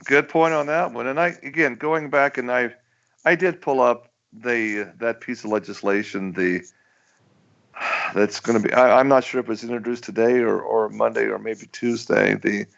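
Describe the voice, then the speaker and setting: A man's voice: mid-range voice, normal speed, vocal fry, a bit bright. A male radio host in casual chat who stammers and restarts often and chuckles as he talks, over muffled lo-fi radio audio.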